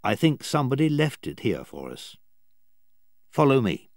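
A man voicing a calm, bold leader of a group of castaways in a storybook, speaking firmly and with command. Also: mid-range voice, normal speed, dry recording, clean studio sound, pitched above the performer's own voice, lightly acted. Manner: firm and commanding.

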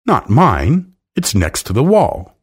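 A man's voice: medium pitch, wildly swooping pitch, slow, breathy edge, voice pushed up, exaggerated voice. A man voicing a stubborn little boy who answers back in a sulky, contrary way. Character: boy Michael, stubborn and cross.

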